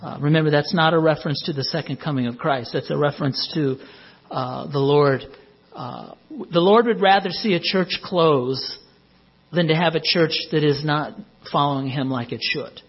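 Chatty male pastor with a husky voice. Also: fairly high pitch, normal speed, lo-fi sound. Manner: chatty and informal, with frequent fillers. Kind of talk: sermon. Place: church sanctuary.

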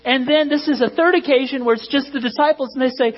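A man's voice: very high voice, steady tone, fast, hardly any pauses. A man preaching a sermon to a congregation in a conversational way that rises to emphatic peaks. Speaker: pastor. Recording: dull lo-fi recording with mains hum.

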